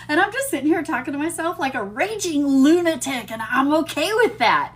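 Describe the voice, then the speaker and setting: A woman's voice: high voice, big pitch swings, a little slow. A woman in her fifties hosting a casual livestream, bubbly and giddy, laughing often and poking fun at herself as she chats to viewers. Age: 50s. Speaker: TikTok livestream host.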